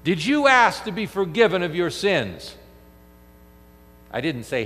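A man preaching a sermon, animated, firing off rhetorical questions and acting out quoted speech. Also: fairly high pitch, a little slow, long pauses. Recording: long hall reverb with mains hum.

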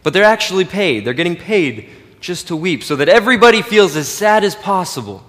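A man's voice: very animated, a little fast. Preaching man in an echoing hall. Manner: swings from loud emphatic peaks to quiet low asides. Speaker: pastor. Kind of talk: sermon.

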